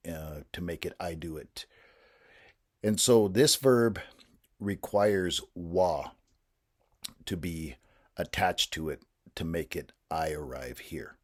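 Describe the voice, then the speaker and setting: Deep-voiced man, patient teacher trainer, steady explanatory delivery. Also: unhurried. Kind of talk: instructional explanation.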